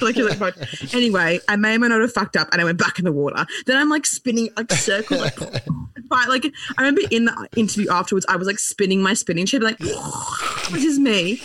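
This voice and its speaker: A woman's voice: a little high, expressive, a little fast, a bit bright, a little hiss or hum. A young woman telling a wild story on a podcast, laughing and swearing as she goes. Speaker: podcast guest. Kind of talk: casual storytelling chat. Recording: dry, slightly distant mic.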